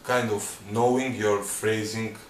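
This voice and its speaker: A man teaching drum sticking patterns, counting beats aloud in loose, halting phrasing. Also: on the low side, flat delivery, slight background noise. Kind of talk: instructional demonstration. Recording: echoey room, mic at a distance, loud clatter.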